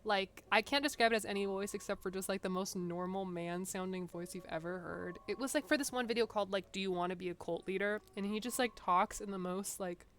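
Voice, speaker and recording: A woman's voice: mid-range voice, steady tone, a little fast, hardly any pauses, a bit bright. A young woman, the creator of a game, chatting casually and giggling as she plays it. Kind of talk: casual let's-play commentary.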